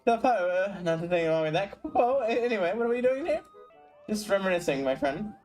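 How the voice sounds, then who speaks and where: Man doing a high female game character. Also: expressive, brisk, a little mellow, faint music behind. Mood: teasing. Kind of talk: reading game dialogue aloud.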